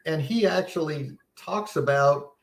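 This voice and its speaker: A man's voice: a little high, measured pace, gravelly, echoey room. A man giving a casual, earnest Bible seminar talk, teaching conversationally with many restarts and a sense of wonder. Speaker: seminar presenter.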